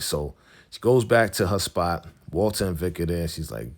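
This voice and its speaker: A man's voice: low voice, lively intonation, normal speed, breathy edge. A man casually recapping a TV episode, retelling scenes and acting out the characters' lines in a slangy voice. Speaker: recap host.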